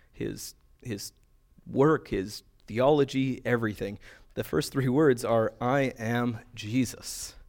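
A pastor preaching a conversational sermon, mixing scripture reading with playful asides. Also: male voice, medium pitch.

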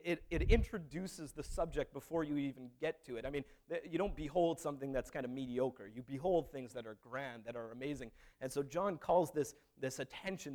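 A man's voice: on the high side, darkish tone. A man preaching a sermon in a conversational, storytelling way, with frequent restarts. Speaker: pastor.

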